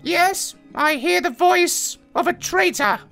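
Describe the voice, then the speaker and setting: A man's voice: very high voice, slow pace, pushed and bright, faint music behind, pitched above the performer's own voice, full character voice. A man voicing a pompous, megalomaniac male parrot in a children's storybook reading, with screeching, pompous outbursts. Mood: haughty.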